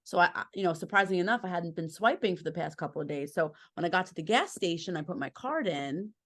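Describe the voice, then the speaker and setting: A woman's voice: lowish voice, expressive, fast, fairly bright tone. A woman chatting on a podcast, telling rambling, self-deprecating stories and laughing at herself. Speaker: podcast guest, host's wife. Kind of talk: casual chat.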